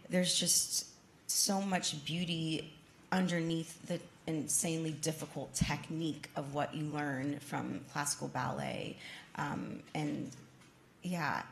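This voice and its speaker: A woman's voice: deep voice, slow, gravelly, slight background noise. A young woman, a ballet dancer, answering audience questions earnestly, with fillers and restarts. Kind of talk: audience Q&A talk. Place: museum event space with an audience.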